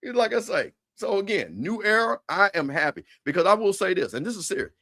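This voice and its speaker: A man co-hosting a sports talk stream, teasing rivals in an animated, repetitive way. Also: high-pitched, a little fast. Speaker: show co-host. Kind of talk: casual trash-talk commentary.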